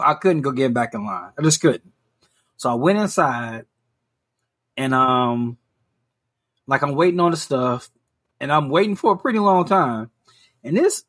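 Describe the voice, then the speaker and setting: A man's voice: fairly high pitch, fairly bright tone, slightly rough. A man co-hosting a podcast, telling stories in casual chat with lots of profanity and mimicry of people he met. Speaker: podcast co-host.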